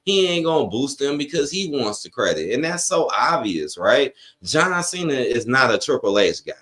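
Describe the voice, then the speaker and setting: Dude ranting live on stream, voice swings up and down a lot, cussing, reading chat. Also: male voice, mid-range voice, big pitch swings, moderate pace, fairly bright tone. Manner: frustrated, profane ranting, reads chat aloud. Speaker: wrestling watch-along streamer. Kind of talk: live-stream reaction rant.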